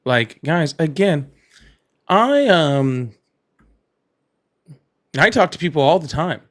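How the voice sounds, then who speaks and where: A man hosting a live political call-in stream, blunt and argumentative, quick to cut callers off. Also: on the high side. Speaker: livestream host.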